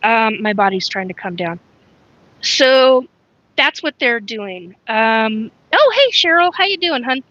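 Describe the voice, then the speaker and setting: A woman hosts a casual live stream, talking in a rambling, frank way and stopping to greet viewers by name. Her voice sits a little high and sounds bright and sharp. The recording is dry and somewhat dull, with a lo-fi edge. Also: very animated, takes it slowly, no echo. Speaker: livestream host.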